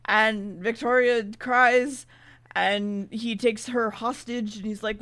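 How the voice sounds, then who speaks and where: A woman co-hosting a podcast, retelling a TV episode in casual chat, swearing freely and slipping into quick character voices. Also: fairly high pitch, a bit bright. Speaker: podcast co-host recapping an episode.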